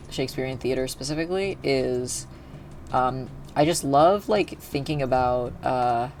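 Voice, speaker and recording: Gravelly young man rambling on stream. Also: mid-range voice, slight background noise. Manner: rambling, filler-heavy, self-interrupting. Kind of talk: casual gaming livestream chat.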